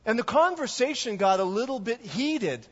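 A male pastor preaching a sermon, telling a story in a measured way. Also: extremely high pitch, very animated. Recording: echoey hall, dull lo-fi sound.

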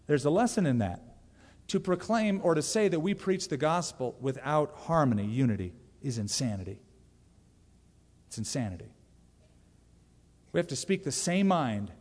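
A man's voice: on the high side, darkish tone, long reverb tail. A man preaching a sermon as pastor, emphatic and conversational, with direct asides to the congregation.

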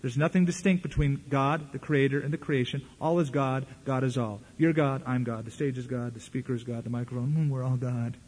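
A man's voice: mid-range voice, steady tone, a little fast, hardly any pauses, a little mellow. A male pastor preaching a sermon, making dry, mocking asides.

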